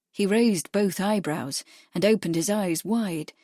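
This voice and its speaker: A woman's voice: medium pitch, measured pace, dark tone, dry recording, studio quality. Woman reading a mystery novel aloud. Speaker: audiobook narrator. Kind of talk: scripted narration.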